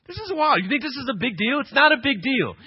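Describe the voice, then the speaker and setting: Emphatic preacher man, lively high voice. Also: fast talker, slightly rough, no echo, muffled recording. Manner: emphatic, swings from quiet to loud. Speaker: pastor. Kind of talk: sermon.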